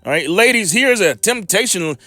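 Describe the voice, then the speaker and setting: A man's voice: sits high, expressive, moderate pace, pushed and bright, dry recording, faint music behind. A man preaching informally on scripture, heated and profane, with rambling asides.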